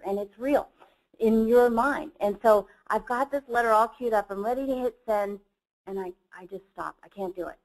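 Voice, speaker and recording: A woman's voice: medium pitch, poor audio. A woman who is a company chief executive, giving a motivational seminar talk and telling a personal story in an earnest way. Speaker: company CEO presenting a training program.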